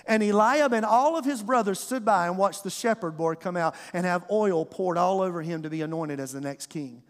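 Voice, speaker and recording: In a church sanctuary with long hall reverb, a male pastor preaches a storytelling sermon to his congregation, acting out the voices. His voice is high and fairly quick.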